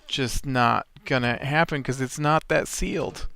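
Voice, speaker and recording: A man's voice: mid-range voice, measured pace, gravelly, sharp tone, smooth. A man hosting a let's play, chatting casually over gameplay in a rambling, nitpicky way with many fillers.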